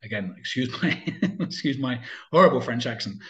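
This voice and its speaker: A man's voice: medium pitch, lively intonation, moderate pace, a bit bright, highs cut off. A man chatting casually as an interview guest, talking in loose, rambling sentences full of fillers and restarts.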